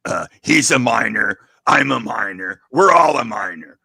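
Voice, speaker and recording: Stammering, gravelly-voiced man. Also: on the low side, animated, a little slow, pushed and bright, no room sound. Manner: stammering, grumbling rants. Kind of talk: comedic group reading.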